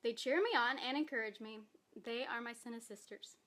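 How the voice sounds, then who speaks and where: Woman, higher voice, heartfelt testimony vlog, earnest, fighting back tears. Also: a little fast, a bit bright. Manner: earnest, emotional, talking through tears; reads aloud from her own post. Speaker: direct sales distributor.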